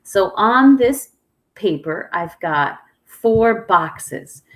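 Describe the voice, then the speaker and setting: A woman's voice: mid-range voice, expressive, very slow. A woman teaching an online music lesson to young children, speaking patiently and leading call-and-response rhythms. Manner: patient, clear, sing-song call-and-response prompting.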